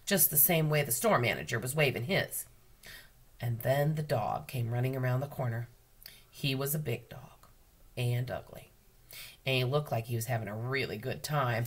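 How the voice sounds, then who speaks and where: Husky-voiced woman reading a storybook aloud. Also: low-pitched, a bit bright. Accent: American. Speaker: school librarian reading to students. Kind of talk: children's book read-aloud.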